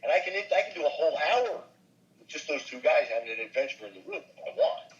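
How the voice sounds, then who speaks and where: Talking fast in a voice on the high side, an older comedian and voice actor tells show-business anecdotes in an interview, animated and switching into character voices. The recording's highs are cut off.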